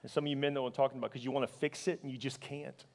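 A male pastor preaching with raw emotion, building to loud, fervent peaks and dropping to hushed, faltering words. His voice sits at an ordinary middle pitch. It rings out with a long reverb, as if in a large church hall. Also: level tone, vocal fry. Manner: emotional storytelling, swinging from loud fervor to hushed, halting speech. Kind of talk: sermon.

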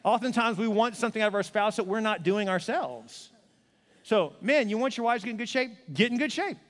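Animated high-voiced preacher in a reverberant hall. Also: male voice, brisk. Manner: animated, acts out little scenes with voices; repeats punchy phrases, asks the crowd questions. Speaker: pastor. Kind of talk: sermon.

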